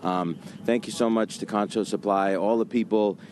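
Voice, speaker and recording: A man's voice: on the low side, fairly even intonation, moderate pace. A man interviewed as a funny car driver after his car caught fire, earnest and plain-spoken, thanking sponsors, outdoors at a drag strip. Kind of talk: post-race interview. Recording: outdoor track noise behind.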